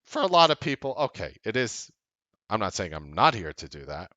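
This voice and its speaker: Deep-voiced blunt man giving a pep talk. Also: big pitch swings, normal speed, dry recording, lo-fi sound. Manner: casual and blunt, with frequent swearing; earnest, grows loud and emphatic. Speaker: trading show host. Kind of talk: motivational talk to a live audience.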